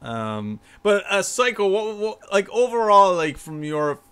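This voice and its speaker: A man's voice: high-pitched, animated, a little slow, a bit bright, clean tone, no echo. A man hosting a casual podcast chat, easygoing, laughing often and reading out donations. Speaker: podcast host.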